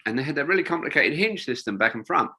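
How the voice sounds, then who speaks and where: A man's voice: on the high side, animated, quick pace, pushed and bright, breathy edge. An older man, a wingsuit designer, telling rambling stories in a casual interview, with lots of fillers and restarts.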